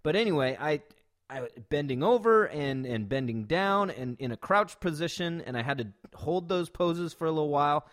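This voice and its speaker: A man's voice: on the high side, animated, normal speed, fairly bright tone. A man hosting a podcast from a backyard studio, talking loosely and enthusiastically with lots of fillers and some swearing. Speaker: podcast host. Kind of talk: casual podcast chat with sponsor reads.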